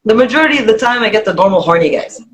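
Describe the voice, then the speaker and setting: A woman guest on a casual podcast, telling a story in an animated way and swearing freely, her voice jumping high when she quotes people. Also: racing, poor audio.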